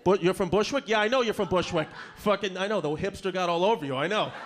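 Brash, profane New stand-up in his thirties, fairly high voice, live club recording with clear audience noise. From Brooklyn, New York. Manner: brash, profane, rapid-fire with crowd work. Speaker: stand-up comedian. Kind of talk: stand-up comedy set. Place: comedy club stage before a live audience. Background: audience laughter.

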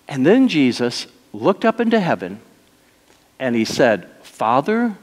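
A male pastor preaching a sermon, moving between soft, slow lines and emphatic, raised ones. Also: medium pitch, sing-song. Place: church sanctuary. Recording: long reverb of a church hall.

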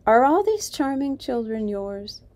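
A friendly English gentleman, jovial and chatty, as a woman reading aloud puts him on. His mellow voice is easygoing and genial in a storybook telling. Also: a little high, very animated, measured pace, voice pushed up.

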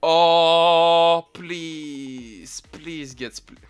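A young man giving casual gaming commentary, excitable and quick to swear in frustration. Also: on the high side, clear, resonant tone, soft background music. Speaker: gaming channel host.

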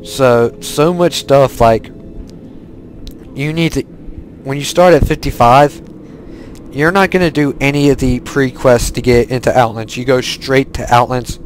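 A man's voice: medium pitch, measured pace, slight background noise, low-quality recording. A man giving casual, rambling let's-play commentary while he plays, often restarting his sentences. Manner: rambling, self-correcting, chatty. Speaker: gaming video host.

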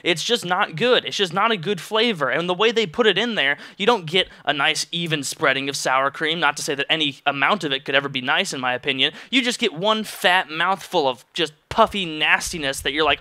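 A young man with a somewhat high, bright, forceful voice rants through a storytime vlog, exasperated and profane. The sound is dry and close, with almost no room in it. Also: a little fast, few pauses, no room sound. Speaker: vlogger. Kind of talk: casual storytime rant.

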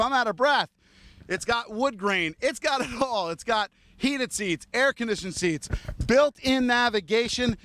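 A man hosting a TV car commercial, rattling off vehicle features in an enthusiastic hard-sell pitch and talking straight to viewers and the cameraman, outdoors on a dealership lot. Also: fairly bright tone. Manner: rapid-fire enthusiastic sales pitch, listing features; addresses viewers and cameraman directly. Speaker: car dealership salesman and show host.

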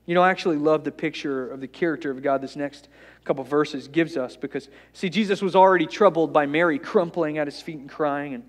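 A man with a high, light voice preaches a sermon as the church's pastor. He tells the story with humor, dropping to a hush and then building to loud, rousing calls. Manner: storytelling, swings from soft and hushed to loud and rousing; playful asides with humor.

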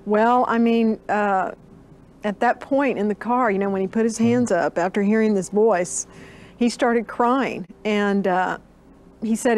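A woman's voice: mid-range voice, fairly even intonation, a little slow, darkish tone. Earnest older woman telling her story. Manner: earnest storyteller, acts out quoted dialogue. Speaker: interview guest. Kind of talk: recounting a personal story.

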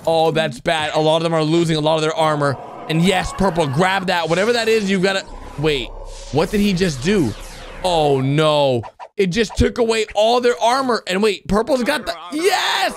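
A man doing excited reaction commentary over cartoon clips, swinging between loud cheering and low worried muttering. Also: moderate pace, faint music behind. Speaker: gaming commentator reacting to animations.

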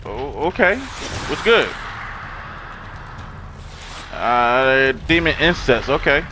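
A young man hosting a casual let's-play, reacting with excitable, profane outbursts over game audio. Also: medium pitch, extremely slow, noisy background. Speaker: gaming channel host. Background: game audio and music.

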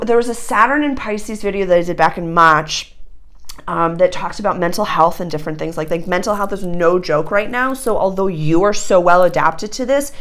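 Effusive woman giving an astrology reading. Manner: effusive, talks in bursts with many likes, laughs often; swings up into high excited tones. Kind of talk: casual astrology reading to camera.

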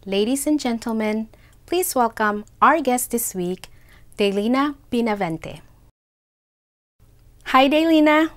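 A woman's voice: on the high side, lively intonation, slow, pauses often. A woman hosting an interview show, introducing her guest and asking questions in a formal, welcoming tone. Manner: formal, welcoming announcer delivery. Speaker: show host.

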